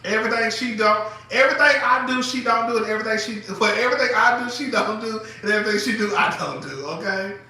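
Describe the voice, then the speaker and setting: His voice high and his delivery fast with hardly a pause, a man gossips on a live stream from his phone. He's animated and theatrical, laughs frequently, and calls people "girl," while the distant mic picks up heavy room echo and faint noise.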